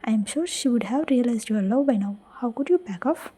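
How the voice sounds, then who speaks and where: A pushy young friend who prods and needles with sarcasm, as a woman reading the story puts the friend on. The voice is soft and breathy, close to a whisper, with a fairly high pitch. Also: lively intonation, a little fast. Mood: pressing.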